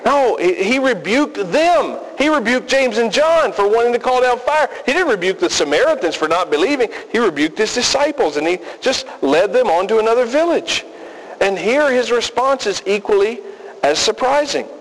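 A man preaching a sermon as pastor, emphatic and deliberate with folksy asides, recorded in a reverberant hall. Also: very high voice, expressive.

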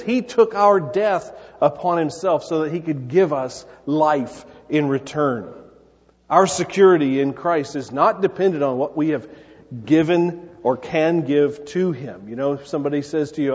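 A male pastor delivers his sermon in a slightly high, husky voice, earnest and conversational, slipping into quick playful asides. The sound is dull and lo-fi, with a long reverb from a large church hall. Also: a little mellow.

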